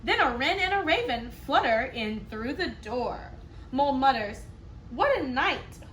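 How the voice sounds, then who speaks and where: A woman kindergarten teacher reading a picture book aloud, expressive, with playful asides to the children. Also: high voice, moderate pace, slight background noise. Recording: echoey room.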